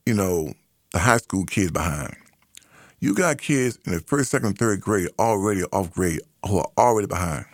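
A man's voice: fairly low pitch, no echo, studio quality. A middle-aged man, hosting a talk radio monologue in an earnest, repetitive, conversational way. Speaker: radio host.

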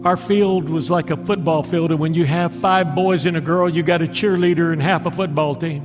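High-voiced male pastor preaching. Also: steady tone. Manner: dramatic, slowing for emphasis. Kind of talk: sermon. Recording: long hall reverb with music.

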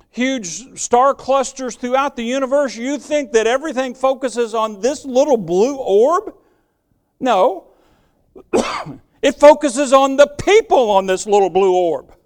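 Older male pastor, sermon delivery, high and smooth, earnest and down-to-earth. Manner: earnest, conversational preaching with folksy asides.

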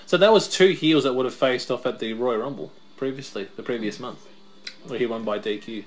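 Co-hosting a podcast's casual wrestling watch-along, a man with a medium-pitched voice talks fairly quickly. He's chatty, reads out facts about the wrestlers, and tells stories.

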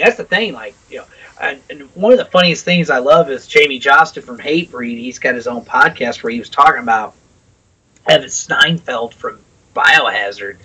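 Man, podcast co-host, husky, bright voice, set back from the mic, animated casual chat. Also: mid-range voice, far from the mic, low-quality recording. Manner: animated, swearing, tells anecdotes. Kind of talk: casual chat about music.

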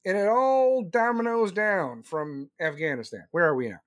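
A man on a live stream ranting loudly and sarcastically about politics, mocking the other side in put-on voices. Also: high-pitched, moderate pace, no room sound, studio quality.

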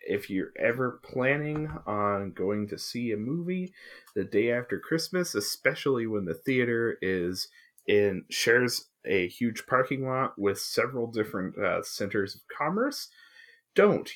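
A man with a lowish voice co-hosts a relaxed movie podcast. He drifts into wry, joking asides as he chats. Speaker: podcast co-host. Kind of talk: casual podcast movie chat.

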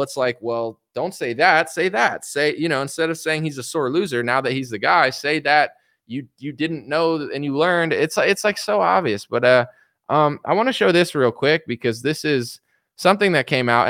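A man giving casual political commentary on a stream, animated and mocking, acting out the people he quotes. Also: medium pitch, no echo, clean studio sound.

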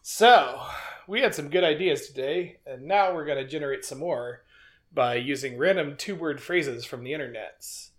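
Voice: medium pitch, normal speed. A podcast co-host who jokes around and introduces the next segment in a casual comedy chat.

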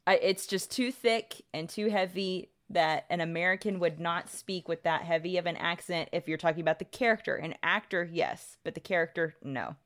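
A woman co-host in a relaxed podcast panel, holding her ground in a debate. Her voice sits low for a woman, and she talks in bursts with restarts. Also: normal speed, hardly any pauses. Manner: firm, argumentative, many restarts. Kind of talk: casual panel discussion.

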